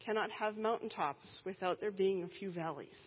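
A woman in her thirties, a pastor, preaching a sermon in an earnest, emphatic way with deliberate pauses. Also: medium pitch, husky. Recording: dull sound with long hall reverb.

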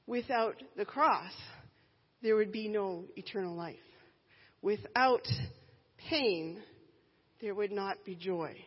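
A woman in her thirties, a pastor, preaching a sermon in an earnest, emphatic way with deliberate pauses. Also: medium pitch, slightly rough. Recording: dull sound with long hall reverb.

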